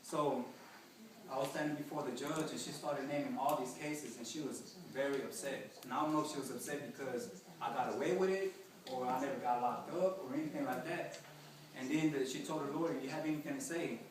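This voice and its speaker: A man's voice: mid-range voice, brisk, background noise. A young man giving an earnest personal testimony to a group, talking plainly and often saying "you know.". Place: large echoey hall with an audience. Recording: very echoey hall, distant mic, crowd behind.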